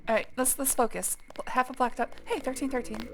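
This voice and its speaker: A woman's voice: high voice, steady tone, fast talker, background noise. A woman streamer giving casual let's-play commentary, rambling with self-mocking jokes. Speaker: streamer playing a game. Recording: game music clearly behind.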